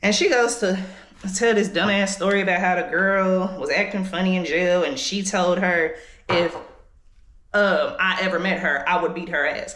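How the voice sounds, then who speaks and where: A woman's voice: fairly low pitch, moderate pace, a bit bright. A woman, telling a candid, profane story to her camera while she does her makeup. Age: late 20s. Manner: candid, profane, heated venting. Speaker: vlogger. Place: indoors at home. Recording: echoey room.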